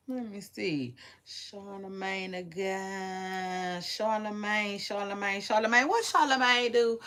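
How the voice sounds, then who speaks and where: A woman hosting a casual celebrity gossip vlog, chatting to her viewers in a playful, drawn-out way with frequent asides. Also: medium pitch, fairly bright tone. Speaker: vlog host.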